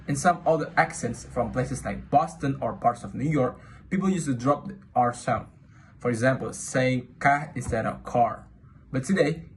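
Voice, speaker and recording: A young adult man, a student, reading his part of a class presentation in a measured, scripted way. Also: medium pitch, a little hiss or hum, poor audio.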